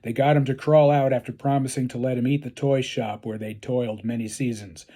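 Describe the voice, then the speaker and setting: A man reads his own story aloud with a dry, deadpan delivery. His voice is dark and mellow, with a husky, slightly breathy grain. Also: mid-range voice, fairly quick.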